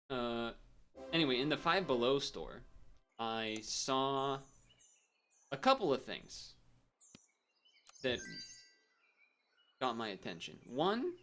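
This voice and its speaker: Young male streamer, rambly, self-interrupting, mid-pitched everyday voice. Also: a bit bright. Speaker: game streamer. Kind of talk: casual stream commentary.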